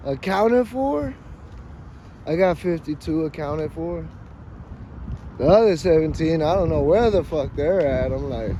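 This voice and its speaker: A man's voice: high-pitched, normal speed, dark tone, slight background noise. A man rambling through a joking, profane monologue while out on a walk, dropping Spanish slang into his talk. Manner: joking, rambling, swears freely. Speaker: vlogger. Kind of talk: casual comic monologue. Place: outdoors on a walk.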